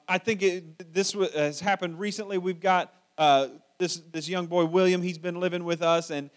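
A middle-aged man, a father and grandfather figure, preaching a sermon in a casual, conversational way, often repeating words as he finds his phrasing. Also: sits high. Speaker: pastor.

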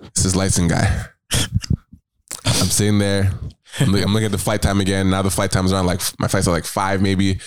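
A young man telling a story casually, animated, swearing and laughing often. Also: deep voice, brisk, pauses often, clean tone, no echo.

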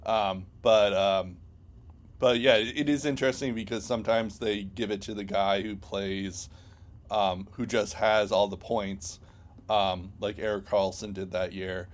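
Low-voiced man rambling about hockey. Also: fairly even intonation, measured pace, slight background noise. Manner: rambling, many ums and restarts. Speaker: podcast co-host. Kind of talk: casual sports chat.

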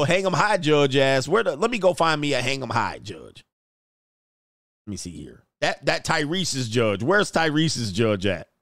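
A man's voice: medium pitch, a bit bright, dry recording. Man, casual livestream commentary, joking, laughs a lot, dry close sound.

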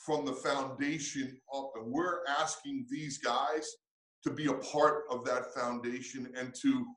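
A man's voice: medium pitch, fairly even intonation, a little slow, fairly bright tone, reverberant, low-quality recording. A man who coaches, answering interview questions in an earnest, reflective way with frequent restarts.

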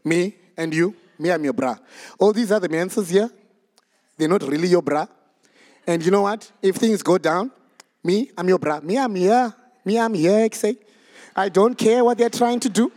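A preacher voicing a brash, loyal male disciple as a streetwise buddy with a Cape Flats accent, boastful and loud in a sermon. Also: sits high, normal speed, big-room sound, natural voice. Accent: Cape Flats (Mitchell's Plain, Cape Town). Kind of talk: preacher acting out a scene in a sermon.

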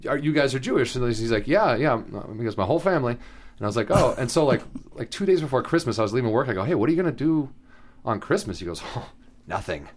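A man's voice: mid-range voice, lively intonation, quick pace. Laughing man telling stories. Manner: storytelling, laughing often. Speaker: podcast co-host. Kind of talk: casual chat.

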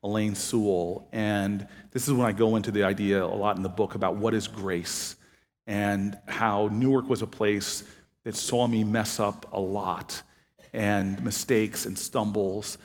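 A man telling a personal story to an audience, acting out the quoted dialogue with lively energy. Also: on the low side, big-room sound. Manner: animated anecdotal storytelling, acting out both sides of dialogue. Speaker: author and former city politician. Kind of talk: storytelling talk.

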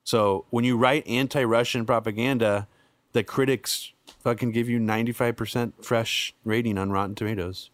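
A man's voice: mid-range voice, fairly even intonation, moderate pace, no room sound, studio quality. Blunt, foul-mouthed man hosting a podcast. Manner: blunt, swears freely. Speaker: podcast host. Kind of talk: casual chat.

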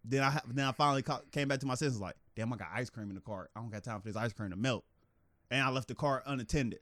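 A man telling a story animatedly in casual podcast chat, laughing and acting out quotes in a higher voice. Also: fast talker, a bit bright, no echo. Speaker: podcast co-host.

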